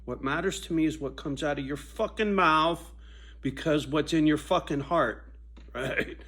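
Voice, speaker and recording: A man in a profane casual monologue, swinging from a loud, preachy rant to low muttering. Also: measured pace. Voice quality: swears constantly, preachy and intense. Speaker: vlogger.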